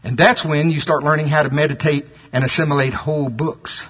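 A man preaches, his voice husky and somewhat high-pitched. He reads scripture slowly and leans hard on key words, then climbs in pitch when he makes a point. The recording is dull and lo-fi, like an old sermon tape. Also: fairly even intonation.

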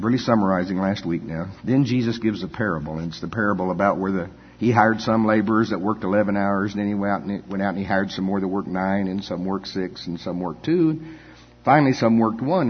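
Brief: older male pastor, low husky voice, chatty folksy delivery, dull echoey church hall. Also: brisk. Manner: folksy, full of "you know" asides and chuckles. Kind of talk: conversational sermon.

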